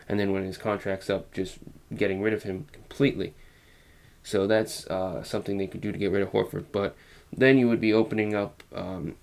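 A man with a fairly low voice talks through sports trade ideas on his own. He rambles and speculates, filling pauses with "um" and "you know". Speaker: basketball commentator. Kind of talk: solo sports analysis talk.

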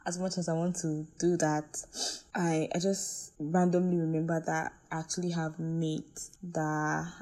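Warm-voiced young Nigerian woman, animated rant. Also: low voice, measured pace. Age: young adult. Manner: animated, exasperated and playful, swinging from quiet asides to loud outbursts. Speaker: vlogger. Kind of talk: casual vlog rant.

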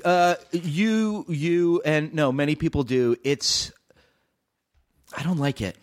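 A man's voice: a little high, slow pace. A man talking as a podcast guest in casual comedic chat, rambling and self-deprecating with lots of fillers.

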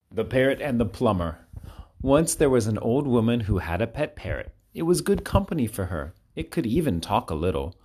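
A man reading short children's stories aloud with clear, expressive storytelling. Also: on the low side. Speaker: narrator.

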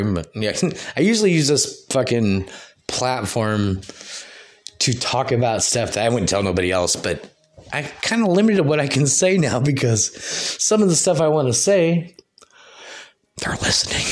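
A man hosting a loose solo podcast, talking in a rambling, profane way and laughing between thoughts. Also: medium pitch. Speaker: podcast host.

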